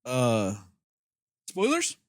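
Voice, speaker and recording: A man co-hosting a podcast, talking about a movie in a blunt, animated way with some swearing. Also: medium pitch, drawn-out words, no echo, studio quality. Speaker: podcast co-host. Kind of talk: casual movie review chat.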